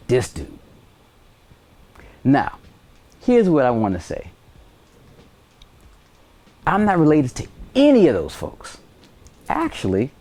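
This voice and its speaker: Lively, slow-talking male science teacher. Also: on the high side. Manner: casual, joking, conversational. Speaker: high school science teacher. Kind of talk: televised classroom lesson.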